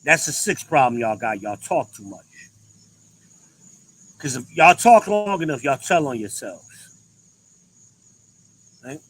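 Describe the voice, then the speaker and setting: A man's voice: medium pitch, lively intonation, measured pace, pauses often, slightly rough, low-quality recording. A man hosting a show, giving a blunt, profane commentary with emphatic inflections. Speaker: podcast host. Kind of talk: ranting commentary.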